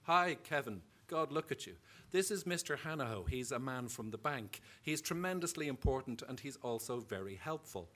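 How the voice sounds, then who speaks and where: A man with an Irish accent voicing a wry, deadpan young woman in a live story reading. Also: mid-range voice, normal speed, hardly any pauses. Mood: breezy. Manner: deadpan teasing.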